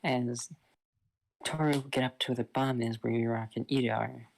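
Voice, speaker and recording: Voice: medium pitch, fairly even intonation, fairly quick, creaky, a little hiss or hum. A person casually retelling a fan-fiction story, rambling and loose with lots of fillers.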